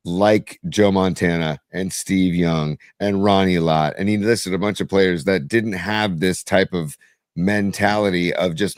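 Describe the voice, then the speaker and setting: A man's voice: low-pitched, no room sound. A man co-hosting a casual sports podcast, sounding weary and frustrated, often restarting his sentences. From San Francisco Bay Area. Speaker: podcast co-host.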